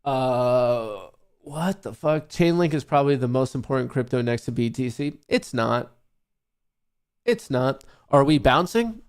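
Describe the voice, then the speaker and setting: A man's voice: medium pitch, expressive, unhurried, clear, resonant tone. Young male livestream host, combative and profane, scornful toward his viewers. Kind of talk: casual livestream rant.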